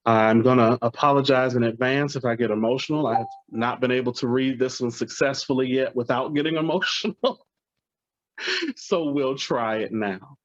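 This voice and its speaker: A man's voice: mid-range voice, fairly even intonation, fairly quick, few pauses, dry recording. A man from Alabama, a poet, speaking earnestly and gratefully to his audience before reading his poems. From Alabama, USA. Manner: earnest, heartfelt, softly grateful. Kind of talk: spoken remarks at a live poetry reading. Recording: dry, slightly muffled lo-fi recording.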